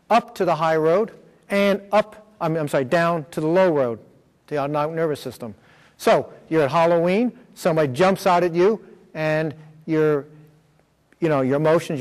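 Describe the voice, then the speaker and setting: A man gives a workshop lecture in a school room, explaining step by step and checking in with the audience. His voice sits a little high. A long reverb trails his words through the hall. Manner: explains step by step, with many fillers and check-ins. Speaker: workshop presenter. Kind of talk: lecture with slides.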